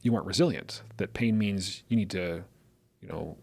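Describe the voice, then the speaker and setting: A middle-aged man on a casual podcast, talking through examples in a lively, storytelling way. His voice sits somewhat low, and the sound is close and dry, with no room echo. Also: moderate pace, vocal fry, slightly rough. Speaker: podcast co-host.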